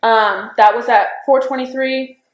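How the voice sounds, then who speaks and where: A young woman in her twenties recounting events in a recorded police interview, halting and unsure, with constant fillers and restarts. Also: on the high side, fairly even intonation, lo-fi sound. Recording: roomy interview room recording.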